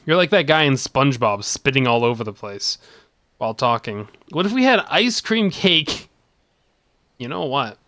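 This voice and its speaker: Playful streamer guy, bright and dry close-mic, giggly banter with chat. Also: mid-range voice, big pitch swings, moderate pace, no echo. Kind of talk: casual game-stream chat.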